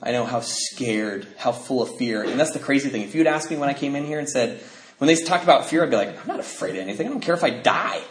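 A man telling a personal recovery story at a meeting, rambling with restarts and acting out other people's lines. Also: a little high. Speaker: speaker sharing a recovery story. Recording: roomy echo, faint noise.

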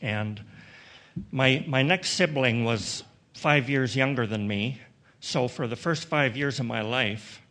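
This recovery meeting speaker, a middle-aged or older man from Western Canada, recounts his own experience for those gathered. His delivery is halting and reflective, with frequent restarts and some dry humor. The voice sits in a normal male range and sounds pushed and bright.

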